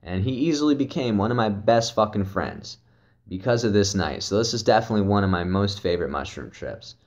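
A man's voice: fairly low pitch, lively intonation, a little fast. Laid-back young man telling a trip story. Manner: loose, profane, laughing storyteller with many fillers. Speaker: vlogger. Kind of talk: casual storytelling, trip report.

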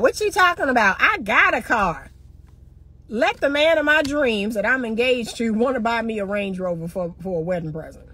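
A woman's voice: a little high, expressive, moderate pace, fairly bright tone, husky, low-quality recording. A woman over forty, giving straight-talking relationship advice as a coach. She talks in a sassy, preachy way, repeats phrases for emphasis, and acts out little scenes.

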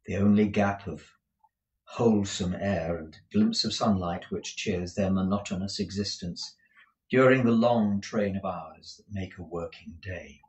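Low, lively male reader in an echoey room. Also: unhurried. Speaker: narrator. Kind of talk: audiobook reading with commentary. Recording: roomy echo.

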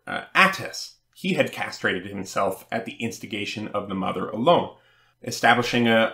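A man hosting a scripted history lecture, reading in a measured, scholarly way with occasional fillers. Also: mid-range voice, a bit bright. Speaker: host. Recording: roomy echo.

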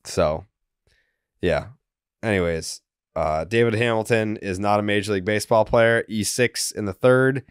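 A man's voice: lowish voice, normal speed, clean tone, no echo, clean studio sound. A man from the area hosting a sports podcast, sarcastic and rambling. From Boston area. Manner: sarcastic, rambling, swears freely. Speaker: podcast host. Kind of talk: casual sports podcast chat.

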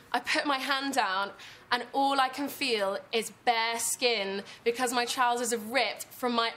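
A woman's voice: fairly high pitch, sharp tone, slight background noise. A young woman from Devon, a student, telling a breezy embarrassing story on a TV talk show. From Devon, England. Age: young adult. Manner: breezy, laughing as she tells it. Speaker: audience member telling a story. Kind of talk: casual anecdote. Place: TV studio audience.

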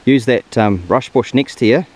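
A man's voice: mid-range voice, moderate pace, a little mellow, slight background noise. A man, a hunting guide and host, giving easygoing practical instructions and chatting outdoors. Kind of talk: casual outdoor instruction and wrap-up chat. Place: outdoors on a hillside.

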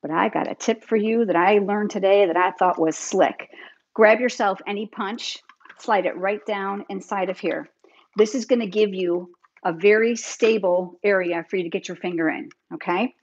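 A woman's voice: medium pitch, fairly even intonation, moderate pace, slightly rough, muffled recording. A middle-aged woman teaching card making on a live stream, chatty and upbeat, talking straight to her viewers. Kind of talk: live crafting tutorial. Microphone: demonstrating at a craft table, hands busy.

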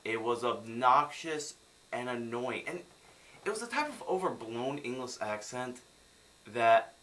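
Bright-voiced exasperated young man. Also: mid-range voice, animated, a little slow. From United States. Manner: exasperated, sarcastic ranting. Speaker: film reviewer. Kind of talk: ranting film review vlog.

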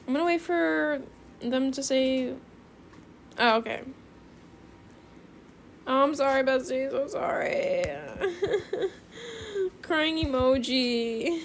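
Excitable teen girl creator, high voice with fry, chatty gameplay commentary. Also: slow, pauses often, slight background noise. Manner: calls viewers bestie. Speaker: gaming video creator.

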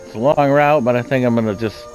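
A man's voice: mid-range voice, quick pace, darkish tone. A man casually commenting on his own gameplay, chatty and laid-back, thinking aloud as he plays. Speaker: gaming channel host. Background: game music.

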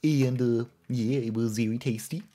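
A man putting on the voice of a prim, chirpy pet guinea pig on a live stream, with drawn-out, over-pleased words. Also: medium pitch, dark tone, pitched above the performer's own voice, natural voice.

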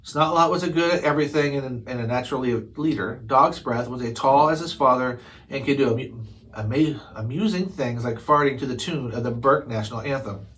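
A man reads a chapter book aloud in an ordinary middle-pitched voice. He stumbles over words here and there and goes back to correct himself as he reads. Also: fairly bright tone, poor audio. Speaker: storybook reader.

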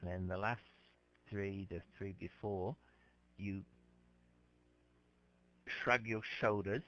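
A man teaching an English class, explaining words slowly and patiently to his students. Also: low-pitched, fairly even intonation, a bit bright. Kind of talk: classroom lecture. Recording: dull lo-fi lecture recording.

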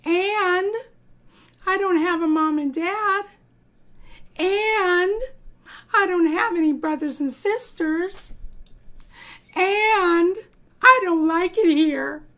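A woman voicing a little eager male frog in a storybook read-aloud, squeaky and whimpering. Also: extremely slow, pauses often, bright, forceful tone, full character voice. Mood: pleading.

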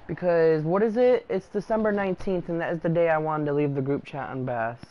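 A woman's voice: low-pitched, fairly quick, dull audio. A woman streaming a video game, chatting casually, laughing a lot and swearing freely. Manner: swearing, laughing, playful teasing. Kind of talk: casual gaming stream chat.

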